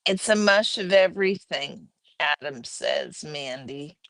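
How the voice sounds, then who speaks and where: With a low, creaky, fairly bright voice and lively intonation, a woman takes her time speaking, no echo present. She's a livestream host chatting casually from home, reading viewer comments and talking to chat viewers and her pets by name.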